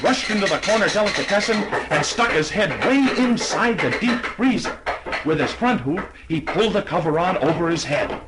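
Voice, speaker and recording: A man narrating a children's storybook in an animated, expressive reading. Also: a little high, background noise. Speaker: audiobook narrator.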